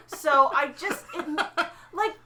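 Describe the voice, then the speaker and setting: A woman co-hosting a casual podcast, animated and drifting into playful tangents. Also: high-pitched, takes it slowly, a crowd in the background. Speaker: podcast co-host.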